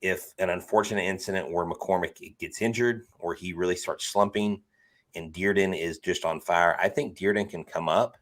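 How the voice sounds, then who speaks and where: A man's voice: sits low, fairly even intonation, moderate pace, a bit bright. A man, a guest on a sports podcast, chatting casually and earnestly, often repeating words as he thinks.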